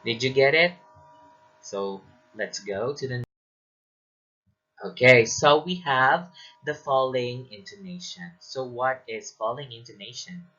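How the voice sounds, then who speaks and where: Guy giving an english pronunciation lecture, reads the examples out loud, kind of husky, muffled audio. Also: mid-range voice, lively intonation. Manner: explains slowly, reads example sentences aloud. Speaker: English teacher.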